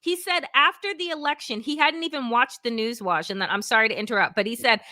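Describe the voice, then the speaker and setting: A woman political analyst in casual conversation, telling a lively anecdote and quoting others as she goes. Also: fairly high pitch, quick pace, no echo. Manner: lively, quotes others in voices, laughs often. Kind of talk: casual chat, animated storytelling.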